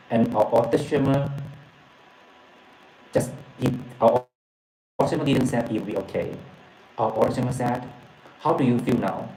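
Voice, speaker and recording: A man retelling a story from a book and reading a message aloud, halting and repeating words, often filling with okay and yeah. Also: medium pitch, a little mellow, roomy sound, a little hiss or hum, low-quality recording. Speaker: presenter retelling a book's story.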